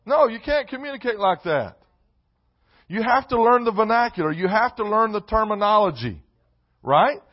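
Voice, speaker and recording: A man preaches a sermon in a church. His high voice climbs into loud emphatic bursts and drops into joking asides. The recording sounds dull and lo-fi. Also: animated, normal speed. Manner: preaching with rising shouts and comic asides. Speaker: pastor. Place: church sanctuary.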